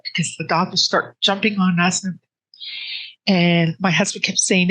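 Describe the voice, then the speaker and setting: Halting, emotional woman. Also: on the low side, no room sound, poor audio. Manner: earnest, halting storytelling with restarts; soft and emotional, close to tears. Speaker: interviewee. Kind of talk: personal grief story in an interview.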